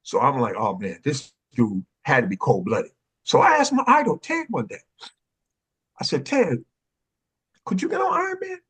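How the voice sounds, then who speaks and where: A man, excitedly telling stories on a panel and acting out the voices of the people in them. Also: medium pitch, normal speed, long pauses, husky. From Oakland, California. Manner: excitable, acts out quoted voices, street slang. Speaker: panel guest, dance pioneer. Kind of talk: animated storytelling in a panel conversation.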